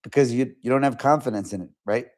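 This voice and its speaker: A man hosting a casual stock trading livestream, talking in a fast conversational way with lots of fillers and restarts. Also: mid-range voice, darkish tone. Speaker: stock market livestream host.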